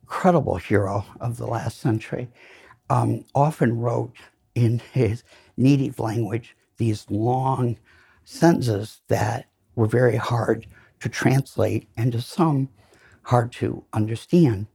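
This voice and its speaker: Slow, gravelly older man telling stories. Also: medium pitch, dark tone. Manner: rambling, self-deprecating storyteller with frequent fillers and laughs. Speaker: lecture speaker. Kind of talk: anecdotal lecture. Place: lecture hall.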